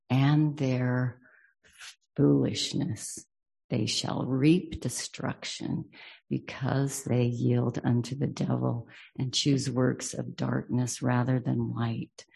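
A man leads an unhurried, reflective scripture lesson. His delivery is slow and measured, with a gravelly, husky edge. The tone is mellow and dark as he reads verses aloud and then considers them thoughtfully. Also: medium pitch. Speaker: scripture teacher.

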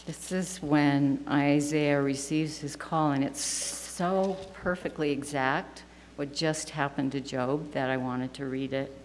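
Low, slow-spoken woman teaching scripture. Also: fairly even intonation. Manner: earnest, reverent reading aloud. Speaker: class teacher. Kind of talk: scripture lesson to a class. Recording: long hall reverb with faint hum.

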